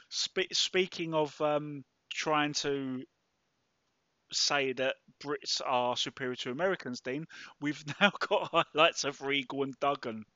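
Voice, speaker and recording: A man's voice: fairly high pitch, takes it slowly, sharp tone, no room sound, muffled recording. A British man co-hosting a podcast, trading jokes and teasing pedantic asides in casual banter. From United Kingdom. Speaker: podcast co-host.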